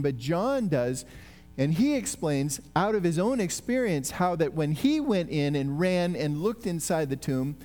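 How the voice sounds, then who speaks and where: A man with a notably high voice preaches in an easy, conversational way. He retells the scene with animation and often restarts his sentences. His voice rings with a long hall reverb over faint music. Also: darkish tone. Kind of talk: sermon.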